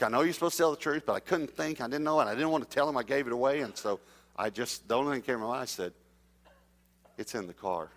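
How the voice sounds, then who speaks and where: A middle-aged man preaching, telling a personal story and acting out the dialogue, sometimes dropping to a hush. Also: medium pitch, quick pace, a little hiss or hum. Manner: anecdotal, acts out dialogue, drops to a hush for suspense. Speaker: traveling preacher. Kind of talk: storytelling sermon.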